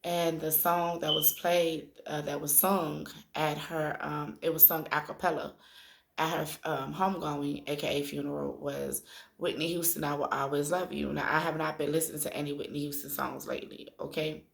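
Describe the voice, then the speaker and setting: Low, gravelly-voiced woman telling a personal story. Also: flat delivery. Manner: conversational, addresses viewers directly, drawn-out filler pauses. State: tearful after crying. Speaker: spiritual vlogger. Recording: echoey room.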